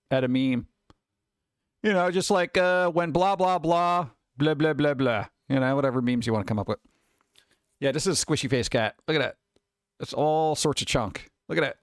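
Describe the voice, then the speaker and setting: A man hosting a live stream, talking casually and chattily with relaxed asides. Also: fairly high pitch, dry recording, clean studio sound. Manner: laid-back, chatty, trailing off into asides. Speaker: streamer host.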